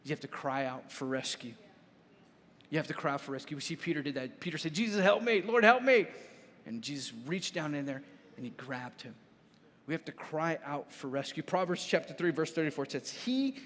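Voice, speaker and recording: A man preaching a sermon as pastor, animated and storytelling, often raising his voice high and loud. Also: moderate pace. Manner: animated, storytelling, raises voice to shout lines. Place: church hall. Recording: reverberant church hall.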